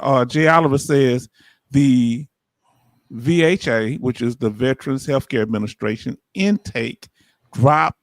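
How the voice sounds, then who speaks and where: A man with a Southern US accent hosting a casual livestream, reading viewer comments aloud in a lively, folksy way. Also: mid-range voice, no echo. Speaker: livestream host.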